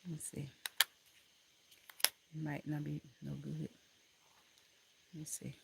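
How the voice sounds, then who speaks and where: A woman hosts a relaxed live stream from a room in her home, talking into her laptop's built-in mic. She chats warmly with her viewers, calling them honey and baby and laughing easily. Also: low-pitched, slow pace, vocal fry, background noise. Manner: chatty and affectionate, calls viewers honey and baby, laughs often. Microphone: laptop camera mic.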